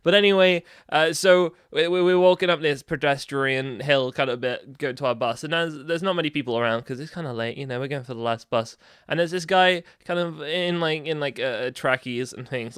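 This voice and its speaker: Young male vlogger, chatty storyteller, restarts a lot; smooth, mid pitch, dry sound. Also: normal speed, a bit bright, dry recording. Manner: rambling, many restarts and asides. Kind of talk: casual storytime.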